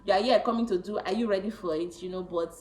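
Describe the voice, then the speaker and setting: A woman in her late twenties telling a personal story to camera, chatty and animated, often laughing. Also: medium pitch, fast, roomy sound, poor audio. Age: late 20s. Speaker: vlogger.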